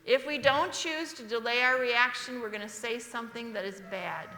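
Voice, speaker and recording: A middle-aged woman giving a sermon at a church, mixing a personal story with Bible verses she reads slowly and asks the congregation to answer. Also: fairly high pitch, sharp tone. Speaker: speaker at a church service. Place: church sanctuary. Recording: echoey church hall livestream.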